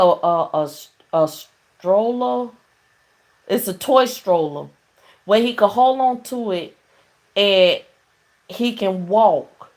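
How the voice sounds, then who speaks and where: A middle-aged woman hosting a casual call-in show, telling stories in a chatty way and laughing often. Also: mid-range voice. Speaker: talk show host.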